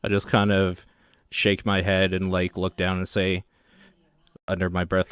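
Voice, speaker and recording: A man playing a tabletop game, describing his character's actions calmly. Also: deep voice, a little slow, long pauses, clear, resonant tone, no echo. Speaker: player. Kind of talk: casual tabletop role-play.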